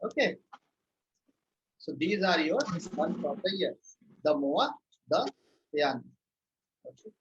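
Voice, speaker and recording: A man teaching a live online French lesson, patiently repeating words slowly for his students. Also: on the high side, big pitch swings, muffled recording, a little hiss or hum.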